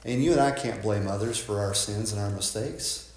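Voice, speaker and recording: Folksy pastor preaching in an echoey church. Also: male voice, fairly low pitch, moderate pace, darkish tone. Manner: conversational, folksy preaching with frequent "right?" and restarts. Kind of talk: sermon.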